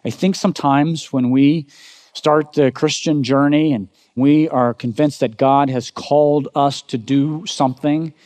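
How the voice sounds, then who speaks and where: A male pastor delivering a dramatic sermon, asking rhetorical questions and swinging between loud emphatic bursts and low, quiet lines. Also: fairly even intonation, measured pace. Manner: asks the congregation rhetorical questions. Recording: long reverb of a large hall.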